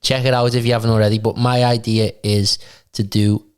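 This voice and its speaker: A man co-hosting a casual podcast chat, easygoing and persuasive as he pitches ideas. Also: little pitch movement, brisk, clear, resonant tone. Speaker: podcast co-host.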